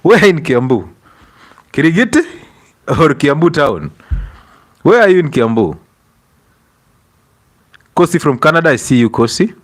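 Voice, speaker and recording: A man's voice: a little high, very animated, measured pace, long pauses. A young Kenyan man hosting a casual livestream, greeting viewers by name, breaking into Swahili and laughing often between stories. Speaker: livestream host.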